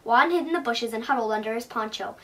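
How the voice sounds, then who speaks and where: Expressive woman reading a storybook aloud. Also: on the high side, quick pace. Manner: expressive read-aloud delivery. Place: bookstore reading. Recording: voice from a distance.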